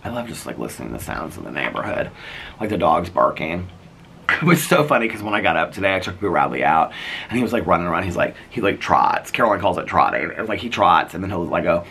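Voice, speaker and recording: A man in his fifties rambles through stories in a casual vlog, his low voice gravelly yet bright. His delivery swoops up and down with lively expression as he meanders from one tangent to the next. Faint outdoor ambience with birds sits quietly behind him. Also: fast, a little hiss or hum. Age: 50s. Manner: chatty, meandering storyteller who laughs often. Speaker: vlogger. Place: outdoors in a residential neighborhood.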